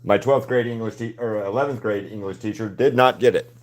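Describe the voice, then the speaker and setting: Low-voiced man chatting while he paints. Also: a little fast. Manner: rambling, swears casually. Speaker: artist livestreaming a painting session. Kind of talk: casual chat while painting.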